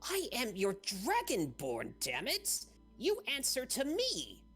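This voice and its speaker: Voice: medium pitch, sing-song, unhurried, a bit bright, faint music behind, voice pushed up. A game master voicing an arrogant young male dragonborn fighter who talks in an indignant, bossy way. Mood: outraged.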